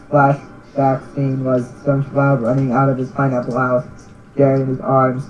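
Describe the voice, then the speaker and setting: A young man with a slightly high voice reads a creepy story aloud. He trips over words and keeps breaking into giggles, with a loose, unpolished delivery. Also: darkish tone, muffled recording, a little hiss or hum. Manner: halting, stumbling reading, breaking into giggles. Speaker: reader.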